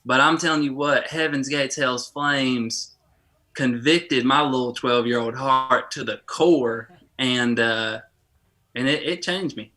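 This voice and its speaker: A man co-hosting a church podcast, telling a childhood story in a lively, chatty way with many restarts. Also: mid-range voice, slow. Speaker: podcast co-host. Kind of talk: casual storytelling chat.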